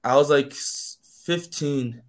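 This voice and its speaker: A man's voice: on the high side, takes it slowly. Brazilian man telling a tense street story. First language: Portuguese. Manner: animated, acts out voices in quotes, fills with "man" and "like". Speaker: guest. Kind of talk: casual storytelling interview.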